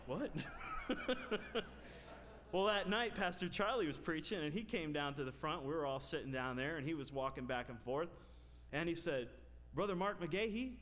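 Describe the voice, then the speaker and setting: A pastor preaching a sermon, telling a personal story that builds into loud, emphatic preaching. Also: male voice, mid-range voice, moderate pace, slight background noise. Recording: long reverb of a large hall.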